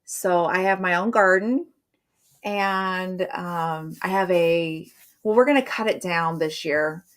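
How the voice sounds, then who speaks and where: Middle-aged woman, live-stream host, slightly low voice, rambly and chatty delivery. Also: slow pace. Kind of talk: casual live-stream chat.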